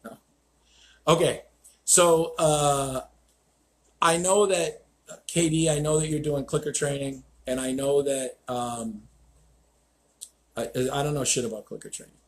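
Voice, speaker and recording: A man's voice: a little high, fairly even intonation, measured pace, pauses often. A man hosting a live stream as a dog trainer, telling stories in a blunt, profane, ranting way.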